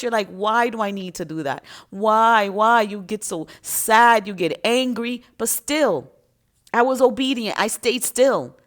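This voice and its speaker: A woman giving an impassioned, emotional spiritual monologue to her viewers in a preachy, emphatic way. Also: mid-range voice. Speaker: spiritual content creator.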